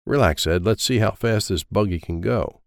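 A gruff, snappish car thief barks orders in a lowish voice, as a man voices him in a storybook. The sound is dry and close to the mic. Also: normal speed, dry recording. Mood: scornful. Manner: snappish, bossy. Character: gruff impatient young male car thief.

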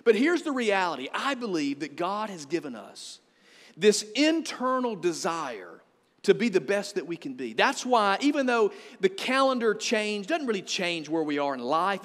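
A pastor with a high, bright-edged voice preaches with energy. He leans hard on the scripture he quotes. His voice rings out with a long reverb through the hall. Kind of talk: sermon.

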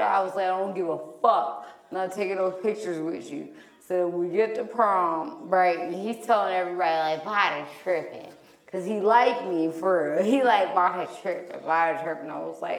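A woman co-hosting a podcast, telling a story in casual chat, animated and profane, loudly acting out the lines she quotes. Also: on the low side, normal speed, creaky, reverberant. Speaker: podcast co-host.

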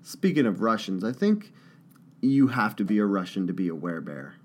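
A man's voice: on the low side, very animated, moderate pace. Rambling, joking male podcast co-host. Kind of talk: casual chat.

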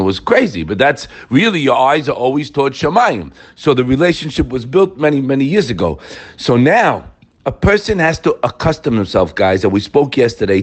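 Male teacher, lively pitch, casual Torah class, talks straight to his listeners, repeats key lines. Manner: animated, speaks to listeners as "guys", repeats key phrases.

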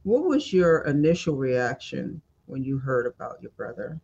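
A man hosting a podcast, asking gentle probing questions and sharing reflective personal stories. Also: medium pitch, big pitch swings, moderate pace, creaky, breathy edge, dull audio. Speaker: podcast host. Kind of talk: podcast interview.

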